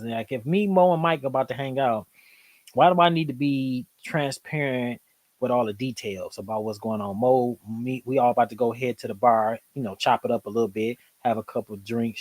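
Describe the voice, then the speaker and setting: A man hosting a live stream, reacting to clips in rambling, animated casual commentary full of fillers. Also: mid-range voice, fairly quick, dry recording.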